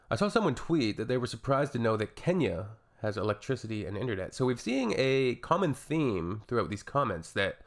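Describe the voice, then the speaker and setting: Gravelly Canadian man, sarcastic. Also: mid-range voice. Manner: sarcastic, wry. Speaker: reaction video host. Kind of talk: reaction commentary.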